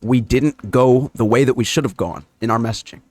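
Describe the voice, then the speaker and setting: A man's voice: mid-range voice, fairly quick, a little mellow, dry recording. Fired-up man ranting in a dry room. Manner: heated, profane, ranting. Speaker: political commentator reacting to clips. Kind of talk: casual reaction commentary.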